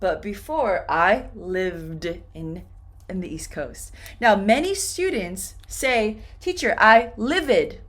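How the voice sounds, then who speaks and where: Slow, lively woman teaching pronunciation. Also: medium pitch. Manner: repeats words slowly and clearly for learners. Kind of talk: slow, deliberate pronunciation lesson.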